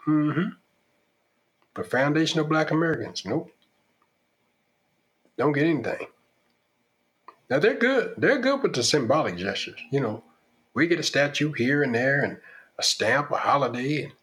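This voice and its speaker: A man's voice: a little high, lively intonation, unhurried, long pauses, fairly bright tone. A man hosting a podcast, delivering an opinionated monologue in an emphatic, preachy style with lots of rhetorical questions. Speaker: podcast host.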